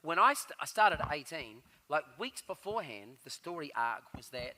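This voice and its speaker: A man's voice: fairly high pitch, sing-song, normal speed, sharp tone. A man telling stories as a guest on a live stage show, animatedly acting out the voices of the people in them. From New Zealand. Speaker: guest storyteller.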